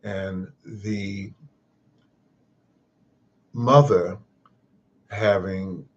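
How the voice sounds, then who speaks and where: A man's voice: sits low, steady tone, extremely slow, highs cut off. A man hosting a casual live stream, telling a reflective, moralizing story in a rambling way. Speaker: host of a live-stream gardening show.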